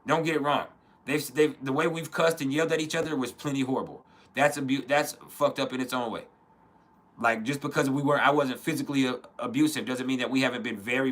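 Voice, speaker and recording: A man in his thirties speaks in an earnest, blunt way, swearing freely and restarting his sentences as he goes. His voice is bright and forward, at a middle pitch for a man. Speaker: podcast host. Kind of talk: casual spoken reflection.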